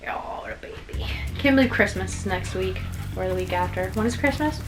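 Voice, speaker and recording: A woman's voice: mid-range voice, fairly quick, over music, rough recording. A woman co-hosting a gaming video, chatting casually and rambling with frequent laughs. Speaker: let's play co-host. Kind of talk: casual chat while gaming.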